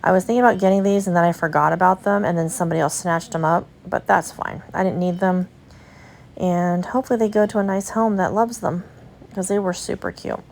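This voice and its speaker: A young adult woman vlogger with a slightly low voice, chatting casually as she walks and shows things off. She gushes to her viewers, friendly and talkative. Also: fairly even intonation, a little fast, gravelly, slight background noise. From United States. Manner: chatty and gushing, talks to viewers. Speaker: vlogger and resale booth owner. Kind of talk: casual vlog chat while walking a shop.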